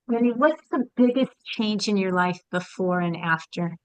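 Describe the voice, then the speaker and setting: A woman hosting the session, asking questions and thanking the speaker in a brisk, polite way. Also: medium pitch, no room sound, poor audio. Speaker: host. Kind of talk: hosting a group call.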